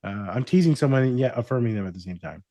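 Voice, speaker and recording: A man's voice: mid-range voice, expressive, very fast, mellow, dry recording, clean studio sound. A man, a therapist guesting on a podcast, talking in a brash, profane, teasing way and laughing often. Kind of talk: casual podcast chat.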